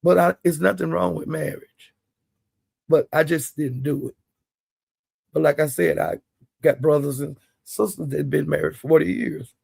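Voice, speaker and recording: A man's voice: a little high, steady tone, unhurried, creaky, a little mellow, slightly rough, dry recording. An older man giving blunt, profane commentary in casual chat. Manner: blunt, profane, plain-spoken. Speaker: live-stream commentator.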